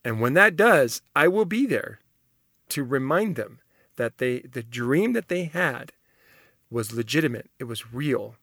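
A man's voice: medium pitch, lively intonation, a little slow, fairly bright tone, dry recording, clean studio sound. A man talking casually and enthusiastically, reading out personality test results and reacting with frequent laughter. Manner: enthusiastic, rambling, laughs often.

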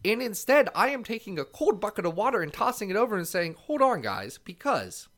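A man co-hosting a casual podcast, playful and theatrical, who laughs easily. His pitch is very animated and swings up and down widely as he talks. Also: fast talker. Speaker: podcast co-host. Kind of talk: casual chat.

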